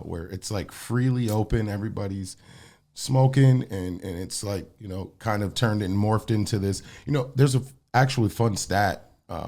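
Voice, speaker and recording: A man's voice: lowish voice, gravelly, darkish tone. An American man co-hosting a podcast, asking a long, rambling question filled with "uh" and "you know.". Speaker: podcast co-host. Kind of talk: casual interview questions.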